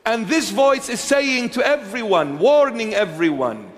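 A man with a high voice delivers a sermon slowly and deliberately. He repeats his phrases for emphasis and moves from hushed, intimate passages to raised exhortation. His voice carries a long reverb from the church around him. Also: big pitch swings. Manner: emphatic, repetitive preaching that swings between hushed and raised. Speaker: bishop preaching.

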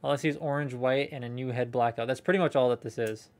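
A man's voice: mid-range voice, steady tone, quick pace, a little mellow. A young man chatting casually as he unboxes toys on a live stream, rambling and talking to viewers. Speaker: toy collector streaming a haul unboxing.

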